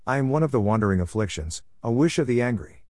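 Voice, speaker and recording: A man's voice: medium pitch, lively intonation, fast talker, darkish tone, dry recording, clean studio sound, natural voice. A man voicing a scheming, boastful male affliction spirit who mocks and gloats in a storybook tale. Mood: gloating.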